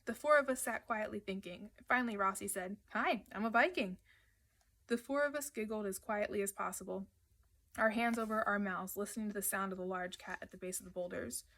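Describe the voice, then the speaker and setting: A woman reading a children's adventure novel aloud, narrating in the first person at a steady, lively pace. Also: mid-range voice, a little fast. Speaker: audiobook reader. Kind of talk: children's book read aloud.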